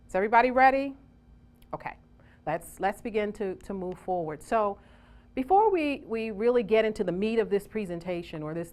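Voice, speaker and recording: Casting note: upbeat woman seminar coach with a somewhat high voice, rallying a live room. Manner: energetic, calls on the audience to respond. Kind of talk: motivational seminar talk.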